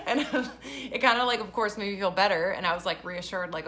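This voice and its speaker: A mother talks straight to her viewers in a casual vlog, her voice bright and forceful. She tells her story in an animated, emotional way and laughs often between thoughts. Faint background noise sits under her voice. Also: medium pitch, normal speed. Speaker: mother of a special-needs daughter. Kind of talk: casual personal vlog talk.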